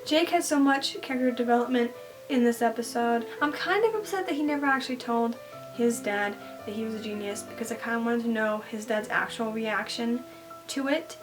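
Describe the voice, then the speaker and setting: A woman talking through a TV episode in a casual recap, gushing and excitable as a fan. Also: a little high, a little fast, far from the mic, music in the background.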